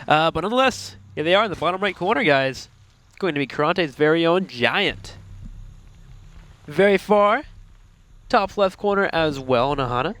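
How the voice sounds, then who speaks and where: A man's voice: fairly high pitch, expressive, moderate pace, pauses often, a bit bright. A young man casting an esports match, chatty and joking with his co-caster. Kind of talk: esports play-by-play commentary.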